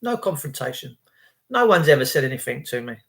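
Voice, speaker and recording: A man's voice: medium pitch, sing-song, brisk, gravelly, fairly bright tone. A man hosting his own channel, talking in a casual, opinionated monologue. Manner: chatty, quotes people in their own voices. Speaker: channel host.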